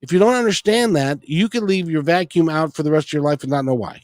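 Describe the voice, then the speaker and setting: A man's voice: fairly high pitch, fast, dry recording. Chuckling male host telling a story. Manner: warm-humored, chuckling storyteller, restarts phrases. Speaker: interview host. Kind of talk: casual storytelling in an interview.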